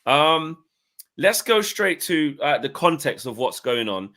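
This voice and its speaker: Upbeat guy hosting a footy chat show, bright voice, lots of ums and you knows. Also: fairly high pitch, big pitch swings, unhurried. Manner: chatty, filler-heavy, upbeat. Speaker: host. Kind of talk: casual football podcast chat.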